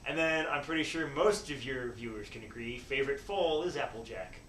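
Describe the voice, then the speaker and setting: A man talking casually as a guest, animated and laughing often. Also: mid-range voice, fairly quick, far from the mic, slight background noise. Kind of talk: casual chat. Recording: echoey room, voice from off-mic.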